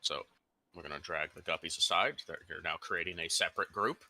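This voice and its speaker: Deep-voiced man running a tabletop game. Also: bright, forceful tone. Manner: easygoing, quick to laugh, explains rules. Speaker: game master.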